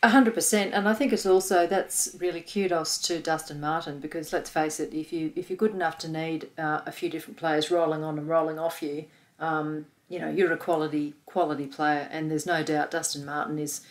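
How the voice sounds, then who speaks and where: A woman's voice: low-pitched, steady tone, a little fast, hardly any pauses. An Australian woman co-hosting a casual podcast, enthusiastic and agreeable as she reads listener comments. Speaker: podcast co-host.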